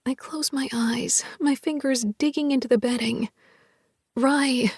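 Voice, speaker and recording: A woman narrating a first-person romance audiobook in a soft, half-whispered, intimate delivery. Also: high voice, fairly even intonation, normal speed, slightly rough, no room sound, clean studio sound.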